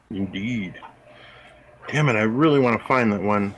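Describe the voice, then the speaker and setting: A man's voice: on the low side, gravelly, background noise. A man co-hosting a podcast in casual chat, making dry teasing remarks. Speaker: podcast co-host.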